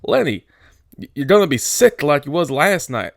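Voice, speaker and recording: A man voicing a small, irritable male ranch hand who scolds in a gruff, exasperated way. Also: on the high side, big pitch swings, normal speed, no room sound, clean studio sound, voice pushed up. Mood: scolding.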